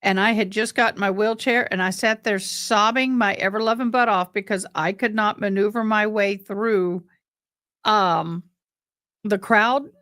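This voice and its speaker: A woman's voice: medium pitch, fairly even intonation, a little slow, a bit bright, dry recording, studio quality. A middle-aged woman hosting a livestream, chatting casually with viewers and calling them honey and boo. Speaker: livestream host. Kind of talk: casual chat to live viewers.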